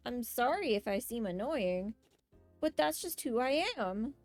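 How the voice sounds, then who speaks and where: A woman's voice: fairly high pitch, animated, a little slow, a little mellow, dry recording, faint music behind. A woman voicing a young woman who puts on a sweet, cutesy, overly polite act in a visual-novel game. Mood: sweetly cute. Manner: sugary, overly polite and cute.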